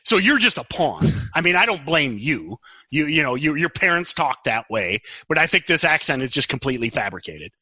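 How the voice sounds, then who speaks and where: A man's voice: on the high side, brisk, slightly rough, no echo, rough recording. An older man co-hosting a podcast, chatting casually and teasing his co-host with jokes. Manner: animated, teasing, joking. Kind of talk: casual chat.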